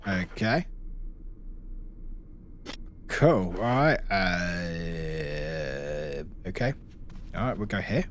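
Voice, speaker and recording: A man streaming a game live, excitable and swearing freely as he chats back to his viewers. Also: sits low, extremely slow, pauses often, a little hiss or hum. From United Kingdom.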